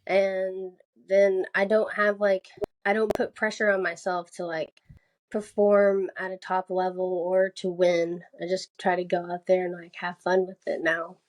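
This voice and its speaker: A woman's voice: fairly low pitch, little pitch movement, a little slow. A young woman from the American South chatting casually as a podcast guest, laughing often and filling her speech with "like". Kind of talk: casual interview chat.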